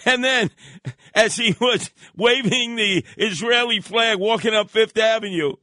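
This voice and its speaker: A man hosting a radio talk show, telling stories in an animated, heated way. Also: high voice, a little slow, no room sound, studio quality. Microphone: studio microphone.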